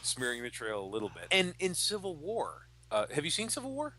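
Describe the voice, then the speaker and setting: Podcast host, male, bright and forward voice, lively storyteller who voices the characters. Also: a little high, fairly quick, no echo. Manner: animated storyteller, acts out comic characters' quotes. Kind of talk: casual chat.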